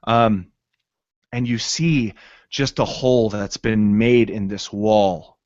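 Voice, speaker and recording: A man narrating a tabletop game as game master, in a halting way with many fillers. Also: on the low side, fairly even intonation, a little mellow, no room sound, highs cut off.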